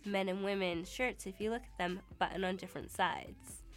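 A woman's voice: mid-range voice, moderate pace, soft background music. A young woman co-hosting a radio show in a studio, chatting casually and thinking aloud with small restarts. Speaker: radio co-host.

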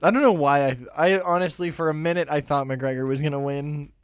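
A man co-hosts a podcast with teasing, easy banter and frequent laughter. His voice sits a little high. The recording is dry and close. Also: a little fast, clear, resonant tone, dry recording. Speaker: podcast co-host. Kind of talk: casual banter.

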